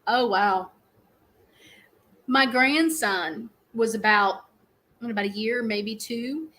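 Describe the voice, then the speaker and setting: High-voiced woman chatting casually. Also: takes it slowly, fairly bright tone, low-quality recording. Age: middle-aged. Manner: chatty, rambling storyteller, laughs often. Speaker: live stream host. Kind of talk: casual live stream chat.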